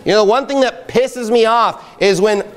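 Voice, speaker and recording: A man preaching a sermon as pastor, with a high voice for a man. He presses his points hard and rises to loud calls at his listeners. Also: moderate pace. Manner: emphatic, rising to loud exhortation. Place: outdoor campsite gathering.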